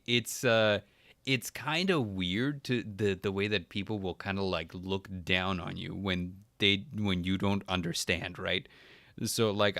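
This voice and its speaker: A man hosting a podcast, chatting casually and telling stories with laughter and quick impressions. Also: sits low, smooth, no room sound. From Texas. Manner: laughing, animated storytelling with impressions. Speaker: podcast host. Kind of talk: casual chat.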